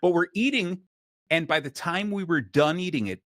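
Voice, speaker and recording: A man hosting a podcast, chatting casually and telling lively stories in which he acts out clerks and waiters. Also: a little high, moderate pace, no echo, clean studio sound. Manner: animated storyteller acting out store clerks. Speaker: podcast host. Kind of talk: casual conversation.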